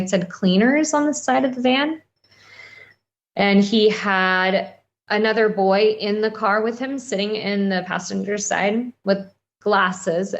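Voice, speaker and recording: A woman guest on a podcast interview, recounting a personal experience in a rambling, halting way with many fillers. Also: medium pitch, lo-fi sound.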